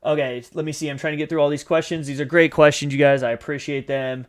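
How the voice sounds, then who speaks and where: A man's voice: a little high, little pitch movement, fast. A man hosting a live question-and-answer stream, explaining trading in a chatty way with many fillers, sometimes acting out a panicking trader. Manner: chatty, frequent fillers and "you guys", acts out panicked traders. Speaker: livestream host teaching trading. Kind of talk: casual live Q&A teaching.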